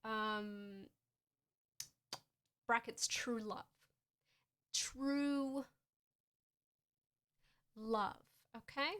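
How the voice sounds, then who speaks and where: A young woman streaming casually, joking in a deadpan way and often laughing as she talks. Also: a little high, slow pace, pauses often. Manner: playful, deadpan jokes with frequent laughs. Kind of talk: casual stream chat showing fan art.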